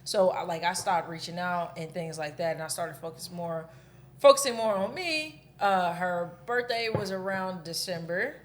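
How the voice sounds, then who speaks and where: A woman's voice: lowish voice, moderate pace. Candid woman co-host telling a story. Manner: candid storytelling, swears freely. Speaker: podcast co-host. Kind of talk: casual chat.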